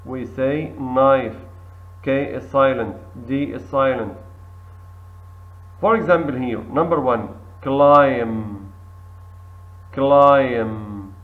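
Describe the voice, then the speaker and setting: A man teaching an English lesson, reading words slowly and repeating each one twice for practice. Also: mid-range voice. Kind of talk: recorded classroom lesson. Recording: tinny phone-like audio.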